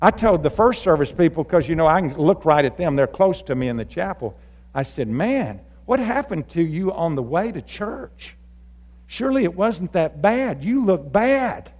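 High-voiced pastor preaching in a reverberant hall. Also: male voice, normal speed. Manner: animated, building to fired-up shouts. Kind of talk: sermon. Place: church sanctuary. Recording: long reverb of a large hall.

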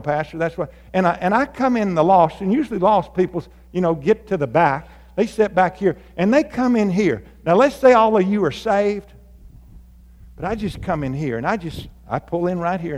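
A male pastor delivers an animated sermon from the pulpit, his voice pitched high. He swings from quiet asides to fired-up shouting. The sound carries a long reverb from the church hall. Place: church sanctuary.

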